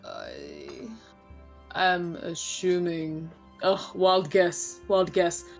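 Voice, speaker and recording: A woman's voice: lowish voice, huge pitch swings, extremely slow, faint music behind. An Australian woman playing a tabletop game, drawling and unsure, who swears casually. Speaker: player.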